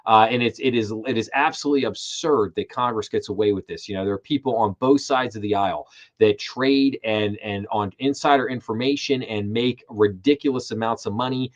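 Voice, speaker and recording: A man's voice: lowish voice, a little fast, few pauses, dull audio. A middle-aged man hosting a live finance commentary stream, emphatic and repeating his words when he gets worked up. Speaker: host.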